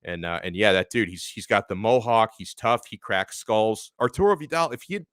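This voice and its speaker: A man hosting a live sports talk stream, animatedly reading viewer chats and giving shout-outs. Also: fairly low pitch, animated, moderate pace, smooth, no echo, clean studio sound. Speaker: sports show host.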